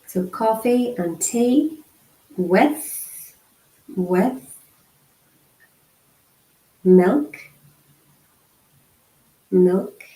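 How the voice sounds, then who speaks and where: A woman voicing a beginner's sign language lesson, speaking slowly and repeating single words with pauses between them. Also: medium pitch, animated, dark tone. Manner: frequent throat clearing and fillers. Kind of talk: interpreted beginner lesson, spoken aloud. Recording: roomy echo.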